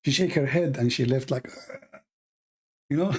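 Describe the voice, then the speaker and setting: A man whose first language is Arabic tells stories and argues in broken English, animated and laughing. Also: mid-range voice, measured pace, slightly rough. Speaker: host. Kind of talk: casual storytelling and polemic.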